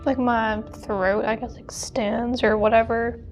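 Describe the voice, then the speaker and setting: A woman's voice: on the high side, flat delivery, measured pace, over music. A teenage woman co-hosting a podcast, chatting casually with frequent giggles and restarts. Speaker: podcast co-host. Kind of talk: casual chat.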